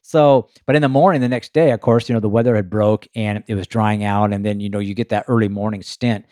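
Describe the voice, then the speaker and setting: A man with a lowish voice tells a racing story in a loose, chatty way, full of fillers and vivid sound effects. The recording is dry and close, with no room around him. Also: brisk, no room sound. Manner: animated anecdote-telling with frequent fillers. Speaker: race car driver guest. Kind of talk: casual storytelling.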